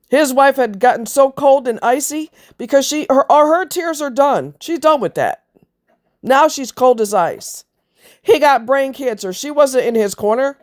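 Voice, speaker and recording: Blunt, scornful woman ranting. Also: sits high. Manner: mocks voices in quotes. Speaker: vlogger. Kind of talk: ranting monologue to viewers.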